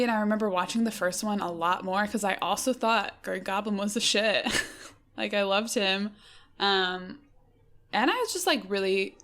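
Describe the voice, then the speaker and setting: A woman co-hosts a casual podcast, chatting in an easygoing way and using "like" a lot. Her voice sits at a medium pitch for a woman. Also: fairly bright tone. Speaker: podcast co-host. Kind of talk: casual chat.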